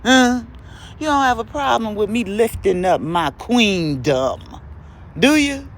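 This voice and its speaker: Woman preaching on her podcast, slow and swoopy, faint traffic hum behind. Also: lively intonation. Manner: emphatic, rhetorical questions, laughs often; dramatic swings from high exclamations to low drawl. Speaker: podcast host. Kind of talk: preachy motivational monologue.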